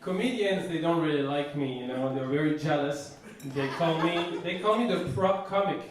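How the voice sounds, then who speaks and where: A man from France with a French accent, performing a stand-up comedy set in deadpan one-liners with halting restarts. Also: on the high side, crowd noise. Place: comedy stage before a live audience. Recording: roomy live recording from a distant mic.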